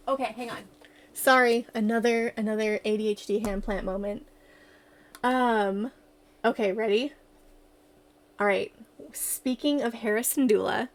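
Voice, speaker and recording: Woman, livestreamer, casual chat, gushing and giggly, unhurried. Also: on the high side. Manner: excitable and giggly, gushing fan talk.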